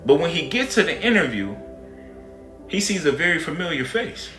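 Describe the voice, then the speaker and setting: A man tells a moral story in a relaxed, conversational voice that is bright and forceful. He is recorded in an echoey room, with soft guitar music playing beneath him. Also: fairly high pitch, moderate pace.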